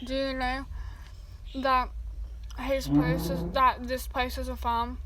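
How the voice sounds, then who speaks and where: A woman reading the part of a calm, motherly caretaker with a sweetly menacing manner. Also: high-pitched, takes it slowly, a crowd in the background, poor audio.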